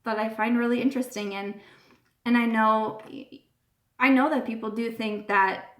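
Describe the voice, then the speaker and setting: A woman's voice: fairly high pitch, fairly even intonation, normal speed, a bit bright. A woman hosting a casual live-stream chat, talking in a gushing, earnest way and often repeating herself. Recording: roomy echo.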